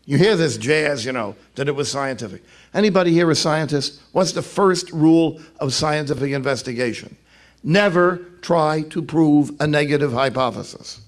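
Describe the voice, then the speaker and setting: An older priest from New York, his voice on the high side, tells funny stories to an audience in an animated, unhurried way. He makes joking asides and puts on voices for the people in his tales.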